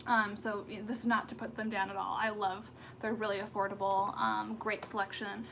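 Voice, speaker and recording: A woman's voice: medium pitch, little pitch movement, moderate pace, vocal fry, fairly bright tone, a little hiss or hum. A woman in her thirties from the United States, hosting a casual skincare livestream from home, chatting in a rambling way with lots of fillers and restarts. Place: home room with pets.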